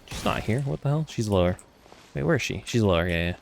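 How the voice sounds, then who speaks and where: A man's voice: fairly low pitch, expressive, quick pace, vocal fry, background noise. A man streaming a game, rambling and joking with casual, profane commentary.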